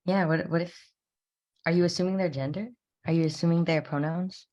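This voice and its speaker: A young woman with a slightly low voice teases her friends in a playful, giggly way. She co-hosts a casual podcast chat among college friends. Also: fairly even intonation, brisk, warm tone, slight background noise. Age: young adult. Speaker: podcast co-host.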